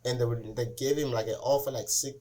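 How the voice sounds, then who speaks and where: A man hosting a casual sports podcast who tells stories with lots of "he's like" and acts out the quotes. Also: fast. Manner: animated storyteller, acts out quotes with rising pitch. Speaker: podcast host.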